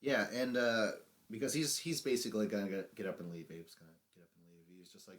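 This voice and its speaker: Male podcast host, lowish voice, animated recap storyteller who swears casually. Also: fast talker, hardly any pauses. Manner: animated retelling, acting out quotes, laughs often, swears.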